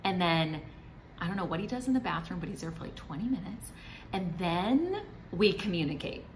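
A woman's voice: on the low side, very animated, moderate pace, slight background noise, low-quality recording. A middle-aged woman vlogger giving marriage advice in a chatty, encouraging way, now and then acting out what a spouse might say. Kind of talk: direct-to-camera advice talk.

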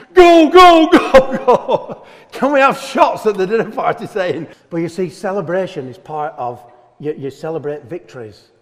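Man, pastor, lively joking sermon, high voice, long hall echo. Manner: animated, joking, preacherly. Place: church hall.

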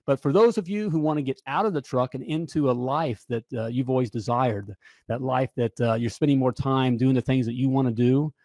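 A man coaching plumbers in a casual, joking sales pitch, often checking in with "all right?". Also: brisk, warm tone, no echo, clean studio sound. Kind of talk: casual promotional pitch to camera.

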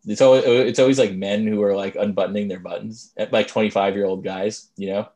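A man co-hosting a casual chat, wry and rambling, with lots of fillers and drawn-out asides. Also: on the low side, steady tone, mellow. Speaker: podcast co-host.

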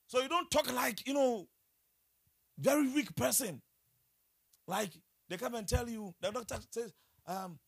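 A man preaching a sermon in an animated way, exclaiming, laughing and putting questions to his listeners. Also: high-pitched, normal speed, vocal fry, long pauses, husky.

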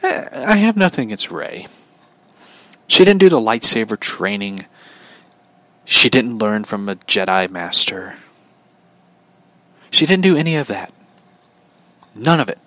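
A man's voice: on the low side, sing-song, measured pace, long pauses, bright, forceful tone, no echo. A man telling a story in a casual, opinionated rant, swearing freely and laughing at his own anecdote.

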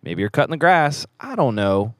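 A man's voice: medium pitch, sing-song, normal speed, fairly bright tone, no room sound, studio quality. Joking man co-hosting a podcast. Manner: joking, playful, rambling. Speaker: podcast co-host. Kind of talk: casual podcast chat. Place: small studio room in a theater.

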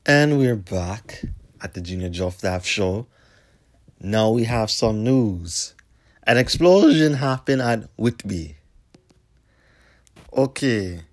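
A man's voice: medium pitch, takes it slowly, pauses often. A young man hosting his own show in a casual monologue, talking bluntly with lots of swearing and street slang and rambling from one point to the next. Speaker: host.

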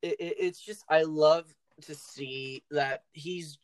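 Playful quiz host with shouted outbursts. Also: mid-range voice, fairly even intonation, slow pace, dry recording. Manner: playful, goofy, with sudden loud shouted bursts. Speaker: podcast host running a quiz. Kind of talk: casual chat.

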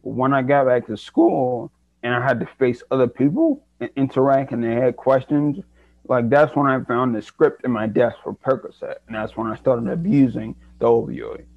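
A man's voice: mid-range voice, moderate pace, vocal fry, no echo. Young guy telling his story, reflective, kinda muffled dry recording. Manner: earnest, reflective, restarts often. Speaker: interview guest. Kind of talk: candid personal story. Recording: dry, dull lo-fi sound.

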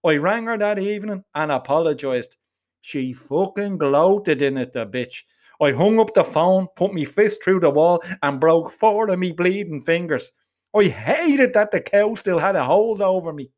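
Lively, foul-mouthed Dublin man telling a tale. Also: sits high, unhurried. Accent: Dublin Irish. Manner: crude, swearing, lively. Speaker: narrator. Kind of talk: comic storytelling in character.

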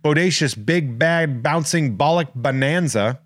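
A man hosting a podcast in casual chat, joking and rambling through listener shout-outs. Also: a little high, unhurried, no room sound, clean studio sound. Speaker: podcast host.

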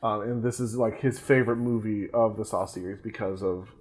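A man's voice: on the low side, fairly even intonation, brisk, a little mellow. Chatty man rambling through a movie recap. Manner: rambling, laughs often, many fillers and restarts. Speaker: podcast co-host. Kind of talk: casual movie recap chat.

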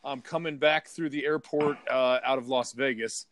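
A man's voice: mid-range voice, fairly even intonation, moderate pace, a bit bright. Profane, heated man ranting. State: partly deaf in left ear. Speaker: podcast co-host. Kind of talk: casual ranting chat.

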